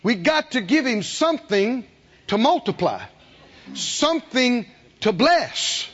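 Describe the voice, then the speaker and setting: A man preaching a sermon, animated, acting out the people he quotes and asking the congregation questions. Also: very high voice, slow, slightly rough. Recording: dull lo-fi sermon recording.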